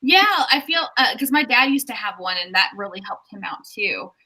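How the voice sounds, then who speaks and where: Very bright, playful woman. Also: mid-range voice, lively intonation, normal speed, low-quality recording. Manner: chatty, playful, teasing. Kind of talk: casual chat.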